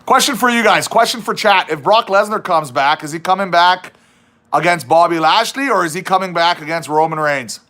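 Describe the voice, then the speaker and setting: A man's voice: sits high, brisk, bright, forceful tone. A man hosting a casual livestream chat, reading viewer questions aloud and teasing his guest. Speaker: livestream host.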